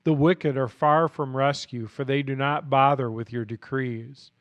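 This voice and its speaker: Man, scripture reading, earnest, unhurried, scratchy throat, voice going, smooth tone, dry close mic. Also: mid-range voice, fairly even intonation, no echo, lo-fi sound. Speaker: Bible reading podcast host. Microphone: studio mic.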